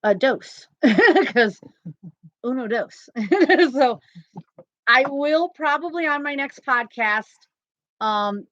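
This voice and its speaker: A woman's voice: high-pitched, animated, slow, pauses often, a bit bright, dry recording. Woman, live-stream host, chatty, laughs a lot, dry dull sound. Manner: chatty, laughs often, lots of fillers. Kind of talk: casual live-stream chat. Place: home, indoors.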